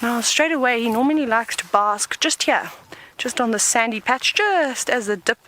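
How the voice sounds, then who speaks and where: A woman's voice: fairly high pitch, animated, normal speed, a bit bright, a little hiss or hum, rough recording. A woman, a safari guide talking viewers through a live walk outdoors, chatty and explaining as she goes, sometimes dropping to a whisper. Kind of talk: live nature broadcast on foot. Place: outdoors in the bush.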